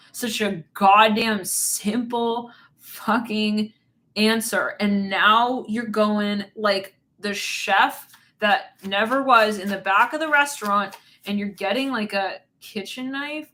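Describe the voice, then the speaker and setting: A woman's voice: mid-range voice, sharp tone. A woman giving a casual tarot reading, rambling and giggly, swearing bluntly as she talks. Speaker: tarot reader.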